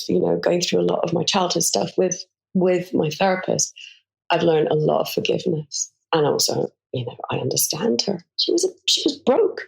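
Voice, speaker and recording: A woman's voice: lowish voice, gravelly. A woman in her forties, a podcast guest telling frank, self-mocking stories in a candid interview. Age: 40s.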